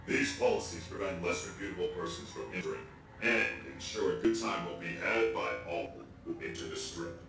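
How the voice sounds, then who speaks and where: A man voicing an officious robot gate guard in a video game, with flat, formal announcements. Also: low-pitched, fairly quick, gravelly, recorded from a distance. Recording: echoey game audio with music.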